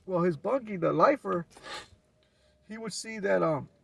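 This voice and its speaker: Casting: LA man, gravelly and raspy, laid-back storyteller heard from off-mic. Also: high voice, lively intonation, measured pace, distant mic. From Los Angeles. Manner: laid-back street slang with frequent restarts. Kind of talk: casual storytelling.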